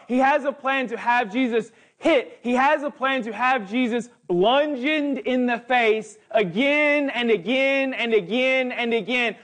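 A man's voice: very high voice, fairly bright tone. A man preaching as a guest speaker, building emphatic, repetitive lists. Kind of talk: sermon.

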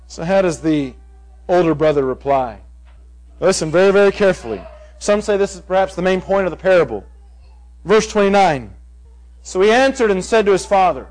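A man with a notably high voice delivers a sermon verse by verse. He presses key words with force and then sinks into quiet, hushed asides. Rhetorical questions come often, and he draws out the lines he quotes. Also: very animated, moderate pace, rough recording. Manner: emphatic, swings from loud stresses to hushed asides. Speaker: preacher. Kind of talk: expository sermon.

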